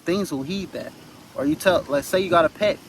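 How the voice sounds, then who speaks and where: A man's voice: a little high, brisk, vocal fry, a little hiss or hum, rough recording. Earnest man preaching casually into a phone. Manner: earnest, rambling, repeats phrases for emphasis. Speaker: spiritual vlogger. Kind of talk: casual motivational talk.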